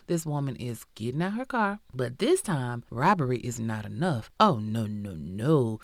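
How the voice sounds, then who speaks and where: A woman hosting a podcast, telling a true crime story in a lively, profane, slangy style with asides to her listeners. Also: deep voice, no room sound, clean studio sound. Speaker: podcast host.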